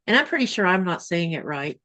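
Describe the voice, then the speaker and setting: A woman's voice: lowish voice, very animated, fairly quick, sharp tone. A woman with a Southern US accent hosting a casual livestream, chatting and reading viewer comments aloud. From American South. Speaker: livestream host.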